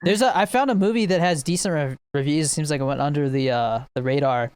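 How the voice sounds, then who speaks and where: A man's voice: on the high side, fairly quick, a little mellow, clear, resonant tone, no echo. A young man chatting casually on a podcast, rambling about movies with lots of laughs and playful impressions. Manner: rambling, laughs a lot, mimics movie scenes. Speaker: podcast co-host. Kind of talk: casual chat between friends.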